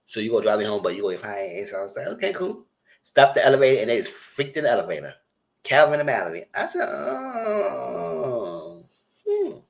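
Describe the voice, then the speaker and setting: Animated man recapping a TV episode. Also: fairly low pitch, very fast. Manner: animated, acts out characters' lines in quotes; chatty, addresses viewers directly. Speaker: TV show reviewer. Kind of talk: casual live TV recap.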